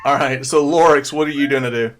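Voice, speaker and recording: A man's voice: medium pitch, fairly quick, a little hiss or hum. A man narrating a tabletop game as game master, describing scenes loosely with plenty of ums and likes. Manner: rambling, filler-heavy descriptions.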